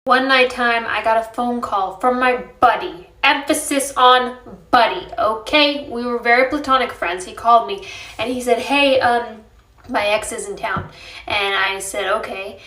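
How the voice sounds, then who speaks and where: A woman telling a personal story in casual storytime style. She talks with animated exasperation and acts out the quoted lines. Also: fairly high pitch, moderate pace. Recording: echoey room.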